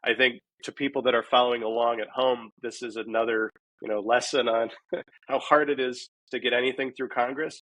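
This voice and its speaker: A man's voice: medium pitch, steady tone, brisk, a bit bright, dry recording, low-quality recording. A man answering a podcast host's question in a conversational way, often restarting his sentences. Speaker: guest, housing policy advocate. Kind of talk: casual podcast interview answer.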